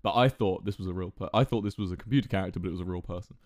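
A man's voice: low-pitched, rapid-fire, dry recording, clean studio sound. A man in his thirties telling a gaming story in casual style, swearing freely, laughing a lot and often restarting his sentences.

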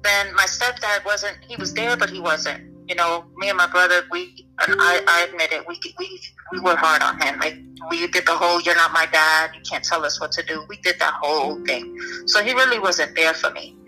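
A young woman with a very bright, sharp-edged voice tells her own story in an interview. She talks candidly, stopping and restarting, leaning on "you know" as she goes. Faint music sits low under her voice. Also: expressive, moderate pace, low-quality recording. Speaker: guest.

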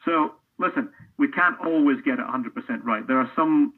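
A man's voice: medium pitch, moderate pace, breathy edge. A middle-aged man from Scotland, a football commentator, talking earnestly and thoughtfully in an interview, often restarting his sentences. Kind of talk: reflective casual interview talk. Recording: tinny phone-line audio.

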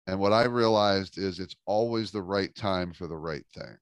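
A middle-aged man, a business coach, telling a lively story in an interview and acting out the dialogue. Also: deep voice, normal speed, hardly any pauses, smooth, no room sound. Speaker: business coach and speaker, guest.

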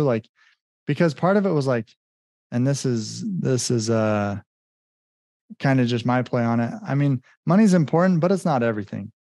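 A man's voice: mid-range voice, lively intonation, normal speed, mellow, no echo, clean studio sound. A man, a business coach and guest, telling his story in a rambling casual way with many fillers and acted-out quotes. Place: home in Mexico.

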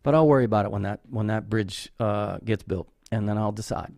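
A man of Irish heritage hosts his own YouTube channel from his home studio, talking to camera casually in a rambling, earnest way full of fillers and restarts. His voice is fairly low, a little fast and darkish in tone, in a dry recording.

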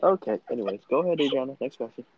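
A man's voice: medium pitch, rapid-fire. A man co-hosting a podcast, reacting with wry, teasing remarks in casual chat. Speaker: podcast co-host. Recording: dull audio with steady noise.

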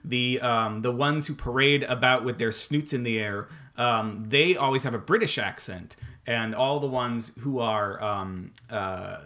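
A man's voice: mid-range voice, a little slow, sharp tone. A man and father, co-hosting a casual podcast chat and rambling with many fillers and restarts. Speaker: podcast co-host.

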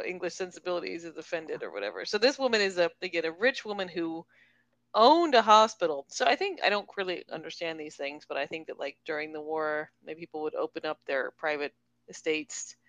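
A woman's voice: on the low side, animated, fairly quick, fairly bright tone, dry recording. A woman in casual conversation about a novel, acting out quotes in playful voices. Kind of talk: casual book discussion.

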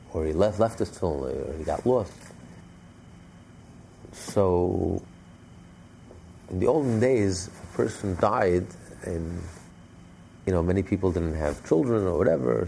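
Gravelly-voiced man teaching a religious class. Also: low voice, slight background noise. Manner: animated storyteller with frequent restarts. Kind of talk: storytelling in a religious lesson.

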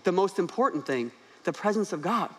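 Young male pastor, high-pitched, energetic, humorous preacher on stage. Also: fairly quick. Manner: animated, humorous preaching with rising emphasis. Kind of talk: sermon. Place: church stage.

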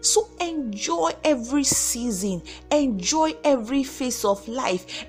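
Nigerian woman, motivational vlogger, preachy and animated, swoops up and down. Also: high voice, slow, few pauses, faint music behind. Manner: animated, preachy, acts out quoted voices. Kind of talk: motivational faith talk.

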